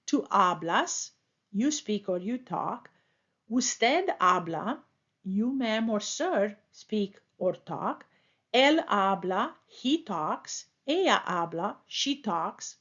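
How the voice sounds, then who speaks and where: A woman teaching a language lesson as a voice-over, explaining step by step in careful, deliberate phrases. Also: medium pitch, a bit bright. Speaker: Spanish teacher. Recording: dull lo-fi voice-over.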